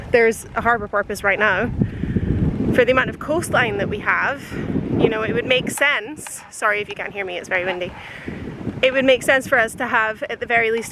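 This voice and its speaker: Gushing woman on a windy beach. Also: medium pitch. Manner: gushing, chatty, thinks out loud. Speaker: vlogger. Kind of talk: casual travel vlog. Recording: heavy wind noise outdoors.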